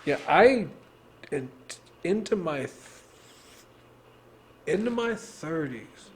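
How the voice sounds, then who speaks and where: A man's voice: on the high side, very animated, slow, slight background noise. A man in his thirties from Texas, rambling in casual podcast chat, swearing and laughing often. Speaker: podcast host.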